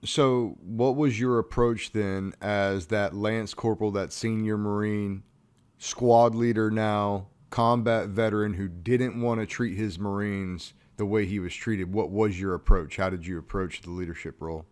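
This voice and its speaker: A man's voice: lowish voice, fairly even intonation, measured pace, smooth. A man hosting a podcast, asking probing questions and rephrasing them as he goes. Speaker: podcast host. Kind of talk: casual podcast interview.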